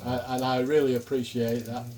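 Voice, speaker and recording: An older man with a Manchester accent chats casually at a mid pitch as he cooks. He swears lightly and chuckles often. A faint sizzling griddle sits behind his voice. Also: level tone, a little fast, dark tone, slight background noise. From England. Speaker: cooking vlogger. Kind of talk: casual chat while cooking.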